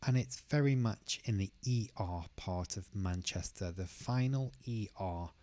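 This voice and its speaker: A man teaching English pronunciation, slowly repeating each word clearly for learners in a careful lesson style. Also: lowish voice, warm tone, dry recording.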